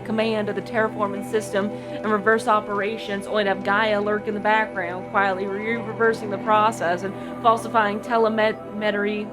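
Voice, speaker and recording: A woman's voice: mid-range voice, natural voice. A woman reading a drowsy male engineer's audio log in a folksy drawl. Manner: folksy drawl, slangy grammar.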